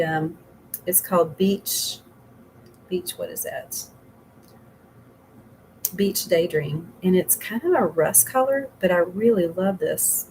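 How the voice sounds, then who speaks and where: A woman's voice: on the low side, darkish tone, a little hiss or hum, rough recording. A middle-aged woman giving a casual makeup tutorial as a makeup consultant, rambling and chatty with frequent laughs.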